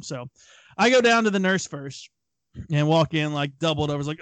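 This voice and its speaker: A man in his thirties with a somewhat high voice rambles through a story, circling back with restarts and fillers. The sound is dry and close, with no room echo. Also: fairly quick, fairly bright tone. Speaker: podcast co-host. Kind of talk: casual chat, storytelling.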